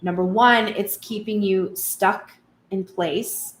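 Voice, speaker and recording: A woman's voice: medium pitch, fairly even intonation, slow pace, reverberant. A woman giving a casual tarot reading, chatty and self-mocking, swearing freely and acting out what people say. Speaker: tarot reader.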